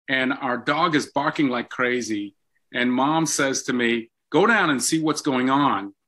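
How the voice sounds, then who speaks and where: An older man, a guest in an interview, telling stories from his life in an animated way with frequent ums. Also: mid-range voice. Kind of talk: storytelling in an interview.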